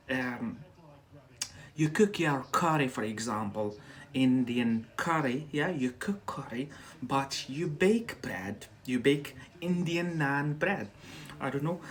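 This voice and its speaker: A man with a Scottish-influenced accent teaching English on a casual livestream, chatty and loose, repeating words for his viewers. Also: mid-range voice. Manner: talks to viewers directly and stretches out key words.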